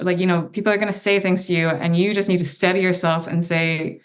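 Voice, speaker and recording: A woman's voice: on the low side, fairly even intonation, brisk, hardly any pauses. A woman in her thirties, a podcast guest, talking with passion and emphasis and encouraging her listeners. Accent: non-American. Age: 30s. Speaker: guest adventure athlete. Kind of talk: candid interview conversation.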